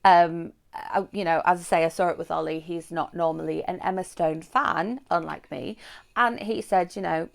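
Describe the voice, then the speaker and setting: A woman's voice: on the low side, fairly even intonation, measured pace, vocal fry, clear, resonant tone. A woman giving a casual, chatty film review, rambling with frequent fillers.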